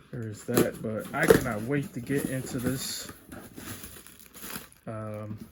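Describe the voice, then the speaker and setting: A man from the United States hosting a casual toy unboxing vlog, rambling and relaxed, often saying "so there's that". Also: mid-range voice, background noise. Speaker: toy unboxing channel host. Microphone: phone or webcam on desk.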